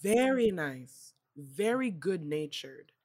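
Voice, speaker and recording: Animated, sweary woman. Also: lowish voice, takes it slowly. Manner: animated, swearing, laughing, acting out reactions. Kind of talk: casual chat recapping a movie.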